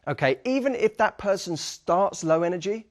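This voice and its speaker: A man's voice: sits high, moderate pace. A young man giving a dating lesson, talking with energy and acting out bits of sample dialogue. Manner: energetic, acts out sample dialogue, frequent "okay?" check-ins. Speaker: dating coach. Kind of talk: instructional talk to camera.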